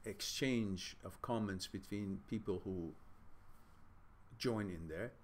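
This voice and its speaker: Slow and low, this man's voice carries slight background noise. Hosting a live Q&A stream, he reads out viewer comments in a casual, rambling way, full of fillers and restarts.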